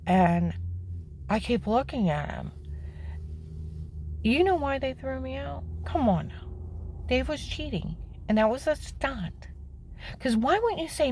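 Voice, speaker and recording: A woman telling the story of her own life in plain words, emphatic and indignant, her voice climbing high when she is upset. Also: sing-song, measured pace, pauses often, a little mellow, a little hiss or hum. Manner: plain-spoken, with frequent "okay?" asides. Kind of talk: personal testimony, candid storytelling.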